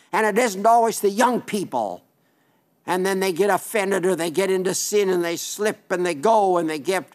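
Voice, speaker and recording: An older man preaching an earnest sermon, pleading with listeners and repeating phrases for emphasis. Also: high-pitched.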